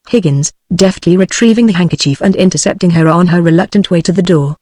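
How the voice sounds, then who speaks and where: A text-to-speech woman's voice with a British English accent, reading a stage play aloud in an even, synthetic manner. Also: lowish voice, fairly quick, few pauses, no room sound, studio quality. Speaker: narrator.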